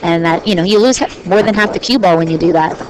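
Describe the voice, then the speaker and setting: A woman's voice: lowish voice, quick pace. Chatty woman commentating pool, noisy audio. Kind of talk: live play-by-play commentary. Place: pool hall. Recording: noisy live-stream audio.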